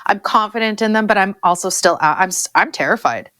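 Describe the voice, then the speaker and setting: A Canadian farmer in her forties speaks candidly as a podcast guest, emotional and open, often repeating herself. Her medium-pitched voice is fairly bright and fast-paced, recorded in studio quality with no room sound.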